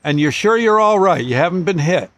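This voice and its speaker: A man's voice: sits high, expressive, a little fast, fairly bright tone, no echo, pitched above the performer's own voice. A man voicing a concerned police officer urgently questioning a man woken from a nap. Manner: urgent, raised pleading voice.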